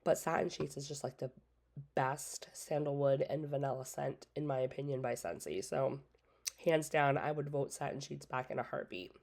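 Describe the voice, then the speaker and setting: Low-voiced chatty woman reviewing scents. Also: normal speed, vocal fry, a little mellow. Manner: chatty, opinionated, lots of "like" and "so". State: talking around a cough drop in her mouth. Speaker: independent scent consultant and channel host. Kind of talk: casual catalog walkthrough.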